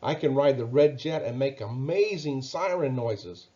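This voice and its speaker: A man voicing a small, timid but cheerful male mouse who squeaks and stammers kindly. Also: lively intonation, a little slow, mellow, dull audio, natural voice.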